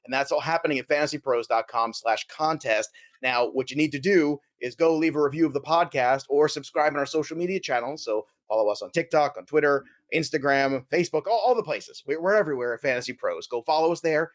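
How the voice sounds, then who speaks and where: An energetic, jokey American man hosting a casual fantasy sports podcast. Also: fairly high pitch, brisk. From United States. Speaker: podcast host.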